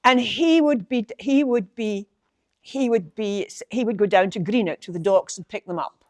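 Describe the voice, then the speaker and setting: A woman's voice: medium pitch, no echo. An older woman from North-East Scotland with a lilting Doric accent, reciting a dialect poem and then telling family stories in a chatty, laughing way. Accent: Scottish, North-East Doric. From Ballater, Aberdeenshire, Scotland. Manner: lilting, chatty, laughs often, restarts sentences. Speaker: storyteller sharing family memories. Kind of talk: poem recital and reminiscing talk.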